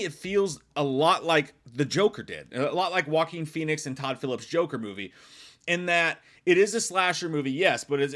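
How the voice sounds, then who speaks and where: Animated, swearing guy reviewing movies. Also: a little high. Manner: profane, rambling, animated. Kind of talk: casual spoiler review chat.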